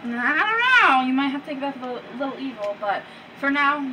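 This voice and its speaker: A woman's voice: high-pitched, big pitch swings, normal speed, sharp tone, exaggerated voice. A woman playing an exasperated female company boss who explains things in a hesitant, rambling way. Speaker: company staff member in her office. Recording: distant mic with background noise.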